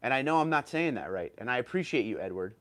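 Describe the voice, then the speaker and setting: A man's voice: mid-range voice, sing-song, fast, a bit bright. A man in his thirties hosting a casual livestream, reading viewer chat messages aloud and answering them, a little tired and stumbling over words now and then. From New York. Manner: chatty, reads chat messages aloud and replies.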